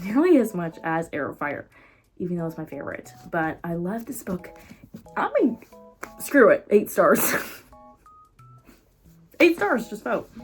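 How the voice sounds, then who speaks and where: A woman book vlogger in casual chat, rambling and excitable with frequent laughs. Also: medium pitch.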